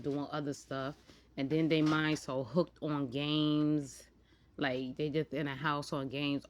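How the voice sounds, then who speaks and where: A woman in her forties vlogging in a casual monologue, rambling and jumping from topic to topic. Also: low voice. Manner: rambling, jumps between topics; animated, slides into acted-out quotes.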